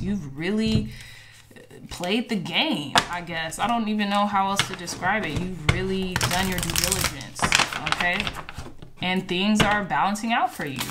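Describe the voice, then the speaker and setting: Woman tarot reader, lowish voice, chatty and encouraging, reads out affirmations. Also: heavy background noise. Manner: warm encouraging, reads card affirmations aloud; chatty with fillers and asides like "child" and "okay". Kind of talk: casual channeled tarot reading to camera.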